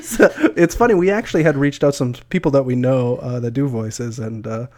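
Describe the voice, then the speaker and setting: A male podcast co-host in relaxed conversation. He has an ordinary mid-range voice. He adds quick, dry one-liners. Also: medium pitch. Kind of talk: casual chat.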